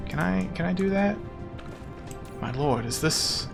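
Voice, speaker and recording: A man with a gravelly, bright voice chats casually with his viewers while he streams a game. His pitch swings widely as he jokes and pokes fun at himself, and faint music plays behind him. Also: expressive, normal speed. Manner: playful, self-mocking, jokey. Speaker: VTuber streamer.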